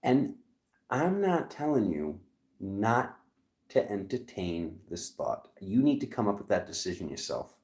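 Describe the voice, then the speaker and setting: A man's voice: lowish voice, big pitch swings, unhurried, a little mellow, roomy sound. A man with a Rhode Island accent giving a casual tarot reading, rambling and cracking jokes as he goes. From Rhode Island, USA. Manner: rambling, joking asides. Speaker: tarot reader.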